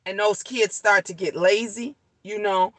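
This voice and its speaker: A woman's voice: mid-range voice, steady tone, unhurried, no echo, poor audio. A middle-aged woman venting in a casual vlog on her lunch break, blunt and profane, repeating her points for emphasis. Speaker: leasing office worker vlogging on her lunch break.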